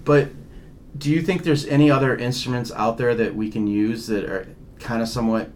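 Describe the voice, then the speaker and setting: A man's voice: mid-range voice, fairly even intonation, moderate pace, slight background noise. A man co-hosting a casual talk about ghost hunting, rambling and restarting his sentences. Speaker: paranormal investigator, co-host. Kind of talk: casual podcast chat.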